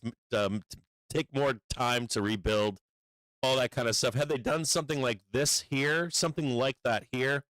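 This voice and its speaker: A stock market streamer gives casual livestream commentary, blunt and profane, rambling with lots of fillers and urgent warnings. His voice is medium-pitched and fairly bright, on a dry, rough recording.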